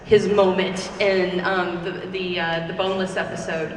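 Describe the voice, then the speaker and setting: A woman's voice: on the low side, a little hiss or hum. Gushing woman panelist in an echoey hall. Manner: gushing and animated, with quick laughs. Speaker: convention panelist. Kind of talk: casual panel chat. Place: large convention hall. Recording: echoey hall, distant mic.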